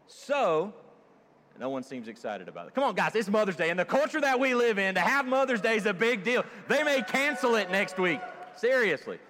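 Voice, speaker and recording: A man's voice: high-pitched, very animated, fairly quick, a bit bright, slight background noise. A man preaching a sermon to his congregation in a church, jokey and conversational, often asking them questions. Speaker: pastor. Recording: long hall reverb.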